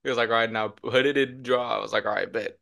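A young man co-hosting a podcast, telling a story in a loose, animated way and acting out the voices of the people in it. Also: medium pitch, fast, vocal fry. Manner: animated storyteller, acts out quotes with shouts. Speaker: podcast co-host. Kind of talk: casual storytelling chat.

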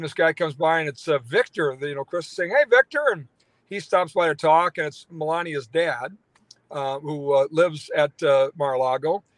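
This man, a radio talk show host, has a slightly high voice captured on a dry recording. He tells a long, rambling story during a phone-in interview, full of fillers and restarts.

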